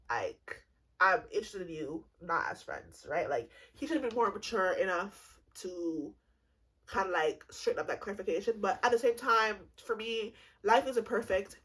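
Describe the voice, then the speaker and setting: A woman's voice: mid-range voice, a bit bright, slightly rough. A woman in her twenties telling a casual storytime vlog, rambling and profane, with frequent laughter. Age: 20s. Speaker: vlogger.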